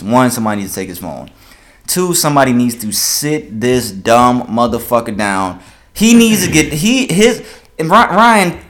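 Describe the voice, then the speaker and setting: A young man hosting a casual podcast, giving rapid, profane, animated commentary. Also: medium pitch. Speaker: podcast host.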